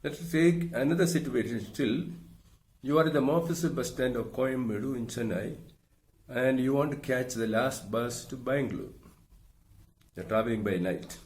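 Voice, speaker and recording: A middle-aged man, giving a recorded lecture in a slow, measured way and explaining through worked examples. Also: mid-range voice, a little mellow. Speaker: teacher.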